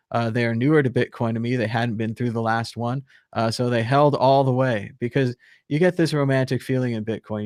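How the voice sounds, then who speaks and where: A man with a medium-pitched, slightly mellow voice hosts a live online crypto show, recorded cleanly in a studio with no room sound. He chats casually and rambles, using lots of fillers. He reads viewer comments aloud, chuckling as he goes.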